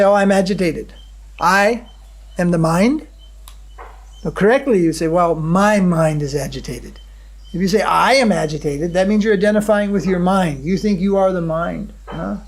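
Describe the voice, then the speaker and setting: Male spiritual teacher, high-pitched, halting devotional lecture delivery with audience check-ins. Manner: checks in with the audience with a questioning hum; unhurried, halting, with many fillers and restarts.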